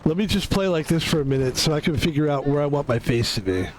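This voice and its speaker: A young man streaming a video game, chatting casually in an excitable, rambling way and laughing often. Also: a little high, fast, low-quality recording. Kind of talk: casual live-stream chat.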